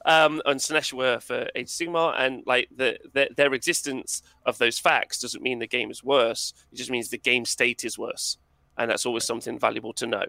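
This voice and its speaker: Male podcast guest, animated and emphatic, bright forceful tone, dry sound. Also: mid-range voice, moderate pace, vocal fry, dry recording. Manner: animated and emphatic, laughs often. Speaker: podcast guest, wargaming content creator. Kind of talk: casual podcast conversation.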